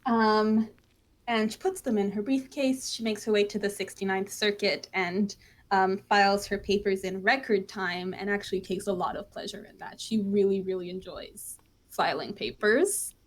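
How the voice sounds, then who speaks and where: A woman's voice: mid-range voice, steady tone, moderate pace. A woman guest player narrating her character in a tabletop game, rambling and enthusiastic.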